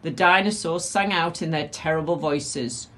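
A woman reading a children's picture book aloud with expressive, animated delivery. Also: sits low, moderate pace. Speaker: storyteller.

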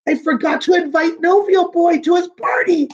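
A woman's voice: very high voice, normal speed, lo-fi sound, pitched above the performer's own voice. A woman voicing a worried male cat who throws a party, in an anxious storybook reading. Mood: fretting.

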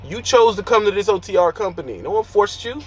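A man's voice: high-pitched, animated, brisk, slightly rough. A man who drives a truck, giving blunt, preachy advice in street slang from his truck cab. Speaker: trucker vlogger.

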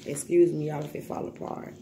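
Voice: mid-range voice, level tone, a little fast, creaky, dark tone, a little hiss or hum. A vlogger talking casually to viewers while eating, loose and slangy, often repeating words.

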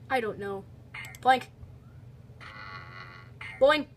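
Young woman doing let's play commentary, high bright voice, bounces all over, lots of excited yelps. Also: husky. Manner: excitable, quick exclamations, teasing the character. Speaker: video game commentator.

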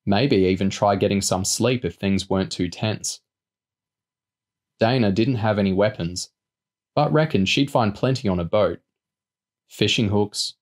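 Low-voiced man narrating a novel. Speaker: audiobook reader. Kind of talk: audiobook narration.

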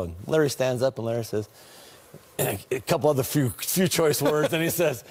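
Man, casual storytelling, animated, laughing, lots of fillers, mid-pitched. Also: quick pace. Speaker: former teammate telling stories.

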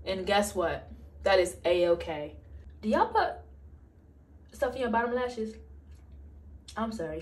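A woman's voice: mid-range voice, expressive, slow pace, long pauses, breathy edge, rough recording. A young woman chatting playfully to camera in a casual vlog, often from her car. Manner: chatty and playful, bursts into song. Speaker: vlogger.

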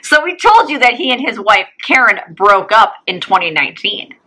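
A woman's voice: medium pitch, very animated, normal speed, sharp tone, poor audio. A woman co-hosting a podcast, talking in a blunt, scornful and sarcastic casual chat. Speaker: podcast co-host.

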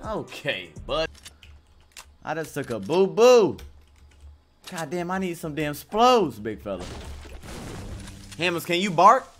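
Young man, game streamer, lively swinging pitch, slow drawl, foul-mouthed, bursts of laughter, home desk mic. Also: faint music behind. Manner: profane, joking, bursts of loud laughter and outbursts. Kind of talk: casual live-stream commentary.

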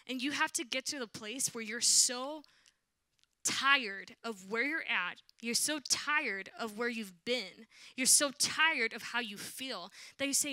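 A young woman worship leader telling a lively testimony in church, acting out the voices of the people in her story. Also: a little high, measured pace, smooth, no echo. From Southern California, USA. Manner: animated, acts out quoted voices. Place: church sanctuary.

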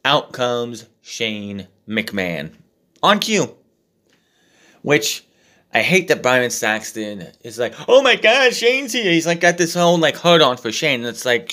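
A man's voice: medium pitch, fairly bright tone. A man with an ordinary mid-range voice talks through a recap casually. He swears freely and grows exasperated, slipping into mocking impressions of the people he's quoting. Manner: profane, exasperated, acts out quotes mockingly. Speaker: wrestling show reviewer. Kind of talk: casual recap with ranting commentary.

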